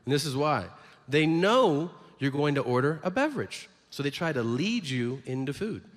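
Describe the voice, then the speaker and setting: A man's voice: on the high side, animated, moderate pace, in a large hall. A man doing stand-up comedy, telling profane, exaggerated stories on stage.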